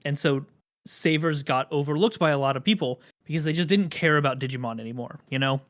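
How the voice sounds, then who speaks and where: Podcast host, chatty, rambling explainer, deadpan jokes. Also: medium pitch, brisk. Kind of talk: casual podcast chat.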